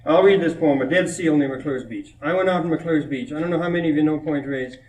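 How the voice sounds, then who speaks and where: Poet from Minnesota, chatty and amused, old live tape with lots of room echo. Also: male voice, a little high, brisk, a little mellow, a little hiss or hum. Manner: chatty and amused, laughing between anecdotes. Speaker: poet giving a reading. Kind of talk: informal talk at a poetry reading, retelling a child's stories. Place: college hall before an audience. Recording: roomy echo, distant mic, old reel-to-reel tape.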